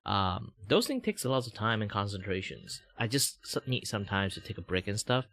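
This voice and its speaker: A young Malaysian man with a fairly low voice that keeps leaping between highs and lows. His English carries a slight British lilt and he drags out his words. The sound is close and dry, with no room around it. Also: very animated, moderate pace, fairly bright tone, no room sound. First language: Mandarin. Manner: rambling, jumps between high and low pitch. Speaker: VTuber streamer. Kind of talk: casual livestream chat.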